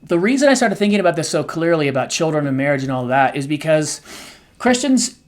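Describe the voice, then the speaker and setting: A middle-aged man co-hosting a podcast, talking candidly and emotionally, his voice swinging between soft and loud. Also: fairly high pitch, very animated, brisk. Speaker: co-host.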